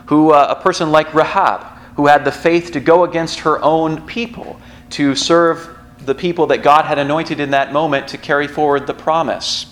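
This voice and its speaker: A man's voice: a little high, fairly even intonation, normal speed. Conversational man preaching a sermon. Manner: conversational storytelling with asides. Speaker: pastor.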